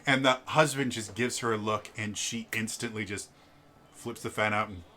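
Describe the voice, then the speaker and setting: A game master narrating a tabletop game in a casual, halting way. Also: mid-range voice, sharp tone.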